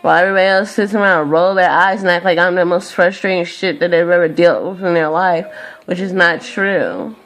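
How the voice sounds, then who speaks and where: A woman's voice: fairly low pitch, animated, a little fast. A tired young woman venting in a profane, exasperated rant to camera. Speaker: vlogger.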